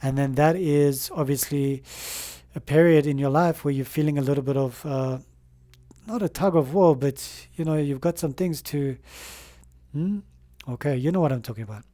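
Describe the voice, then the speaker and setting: Mellow man reading tarot. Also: a little high. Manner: gentle, affirming, leaves slow pauses in the affirmations; rambling, with fillers and restarts. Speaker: tarot reader. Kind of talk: spoken tarot reading to camera.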